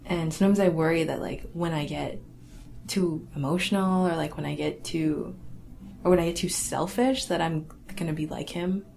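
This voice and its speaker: Young woman rambling about her family, lowish voice, lots of likes and you knows, kinda halting. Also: steady tone, vocal fry, darkish tone. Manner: casual, halting, lots of fillers and restarts; laughs wryly through awkward memories. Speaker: interviewee. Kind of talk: personal storytelling.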